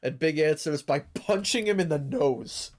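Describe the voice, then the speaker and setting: A man's voice: on the high side, lively intonation, normal speed. A man hosting a casual comic review chat, rambling and joking with fillers and swearing. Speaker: podcast host.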